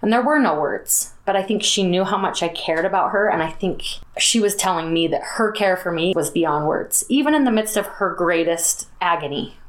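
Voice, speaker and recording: A woman's voice: lowish voice, animated, normal speed, hardly any pauses. A middle-aged woman, a podcast guest, telling a personal story in an earnest, heartfelt, reflective way.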